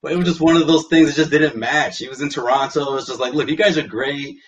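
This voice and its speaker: A man's voice: a little high, quick pace. A man joining a casual sports chat, playful and acting out quotes. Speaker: sports podcast panelist. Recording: distant mic, dull lo-fi sound.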